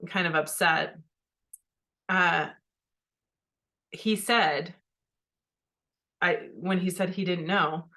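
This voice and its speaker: A woman's voice: lowish voice, pushed and bright. A middle-aged woman hosting a podcast, candidly telling a personal story and then coaching her listeners directly. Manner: candid, speaks straight to listeners. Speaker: podcast host.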